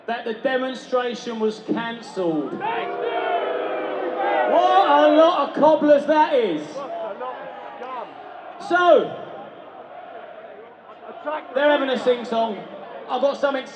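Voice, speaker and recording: A man compering an outdoor rally through a handheld mic, joking and rousing the crowd. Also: extremely high pitch. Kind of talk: shouted rally speech. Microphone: handheld mic over a PA. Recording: echoey PA in a noisy street crowd. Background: crowd noise.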